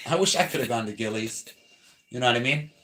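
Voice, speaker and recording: A man co-hosting a live home-tour stream, playful and excitable, sometimes breaking into shouts. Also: medium pitch, fast talker, slight background noise. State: out of breath. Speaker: channel co-host giving a house tour.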